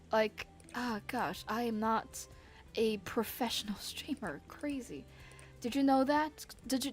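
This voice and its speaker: A woman streamer chatting casually with her audience, giggly and rambling, speaking English as a second language. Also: fairly high pitch. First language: not English. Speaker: vtuber streamer. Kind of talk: casual livestream chat.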